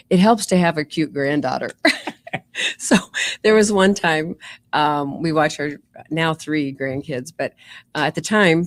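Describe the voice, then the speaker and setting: A woman's voice: sits low, dry recording. A middle-aged woman, a nurse practitioner guest telling her story in a chatty way with many fillers. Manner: chatty, warm storytelling with fillers like "you know" and "um". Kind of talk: casual interview storytelling.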